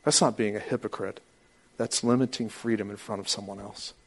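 A man preaching a sermon as pastor, talking animatedly and acting out quoted voices with sudden high outbursts. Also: fairly even intonation, a little fast, breathy edge.

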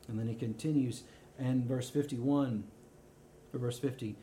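Mellow-voiced male preacher telling stories. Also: mid-range voice, normal speed, a little hiss or hum. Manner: lively storytelling, reading scripture aloud. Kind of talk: sermon.

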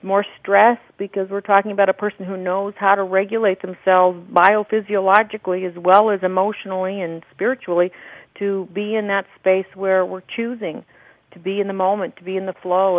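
A woman's voice: medium pitch, no echo. Woman on a tinny phone line. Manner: earnest, explanatory, laughs often. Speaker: guest, documentary producer and spiritual teacher. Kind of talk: radio interview.

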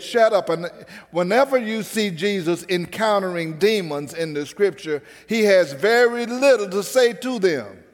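A man's voice: high voice, big-room sound. A man preaching a sermon with a rhythmic preaching cadence, calling out to the congregation.

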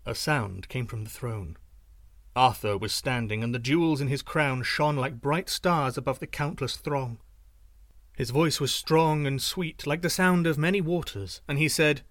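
A man narrating a folk tale in an expressive, dramatic reading. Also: mid-range voice, measured pace, no room sound, studio quality. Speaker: storyteller. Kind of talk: scripted narration.

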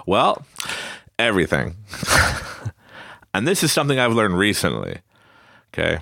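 A young adult man hosting a casual solo podcast, telling stories in an animated way and acting out quotes in a high voice with frequent laughs. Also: normal speed, gravelly, pauses often, no echo, studio quality. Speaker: podcast host.

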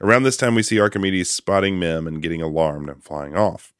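A man hosting a casual podcast, retelling a film's plot with lively delivery and quick quoted voices. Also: low-pitched, smooth, dry recording, studio quality. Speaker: podcast host recapping a film.

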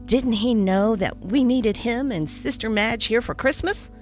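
A woman's voice: a little high, unhurried, a little mellow, soft background music, lightly acted. A woman voicing a kindly, fussy older male country doctor in a storybook reading, grumbling with good humor. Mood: grumbling, jovial. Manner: grumbling good-humored, old-fashioned phrasing.

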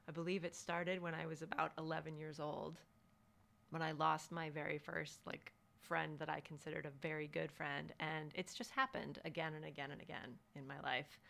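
A woman's voice: low voice, creaky, fairly bright tone. A woman co-hosting a podcast, talking reflectively in casual chat and laughing often. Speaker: podcast co-host.

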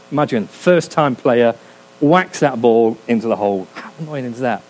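A man's voice: medium pitch, a little mellow, rough recording. A man preaching a sermon in a humorous, conversational way, often asking his listeners questions. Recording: faint hum, sermon recorded for a podcast.

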